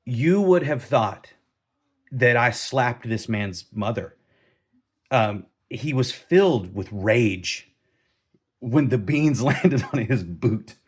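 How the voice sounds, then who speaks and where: Speaking slowly in a husky, mid-range voice, a middle-aged man shares an army training story for his laid-back vlog. He keeps restarting sentences, stays lively throughout, and lets out the occasional laugh.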